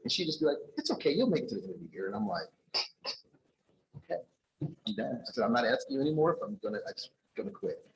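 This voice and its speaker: A man's voice: medium pitch, very animated, very fast, slight background noise, low-quality recording. A man at a conference telling an audience a personal story, acting out the dialogue in a raised voice. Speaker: conference speaker. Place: conference ballroom.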